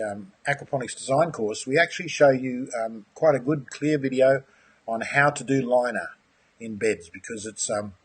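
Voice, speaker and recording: An enthusiastic, chatty middle-aged man, talking through a live online presentation. His voice is very rough and husky, sitting at a middle pitch for a man. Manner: enthusiastic, chatty, uses "mate". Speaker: aquaponics course host.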